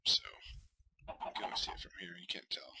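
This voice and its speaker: A man's voice: a little fast, whispered, low-quality recording. A man giving casual, self-talking commentary while playing a survival game, muttering and flaring up in frustration. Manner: talks to himself, mutters, flares up in frustration. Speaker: gamer streaming a survival game.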